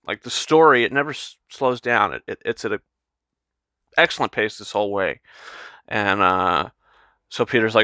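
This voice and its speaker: A man's voice: lowish voice, normal speed, long pauses, bright, forceful tone, clear, resonant tone, dry recording, studio quality. A man giving a casual, enthusiastic spoken film review, rambling with lots of fillers and restarts. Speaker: movie reviewer.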